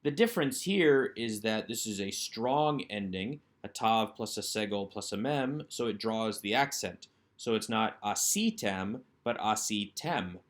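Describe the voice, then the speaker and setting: A Hebrew instructor with a fairly low voice leads a recorded workbook lesson, going through each item step by step by posing a question and then answering it himself. He speaks at a moderate pace with few pauses.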